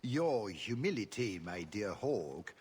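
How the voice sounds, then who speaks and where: An actor playing a pompous aristocratic duke who speaks in florid, courtly phrases. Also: male voice, lowish voice, sing-song, slow, a little mellow, husky, full character voice. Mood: gracious. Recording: long reverb.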